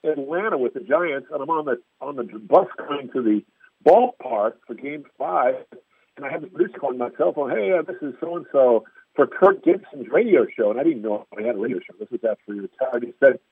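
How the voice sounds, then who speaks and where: A man's voice: medium pitch, expressive, a little fast, slightly rough, no room sound. A man, a sports radio reporter, telling stories in casual chat and acting out quotes in raised voices. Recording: tinny phone-line sound, dry.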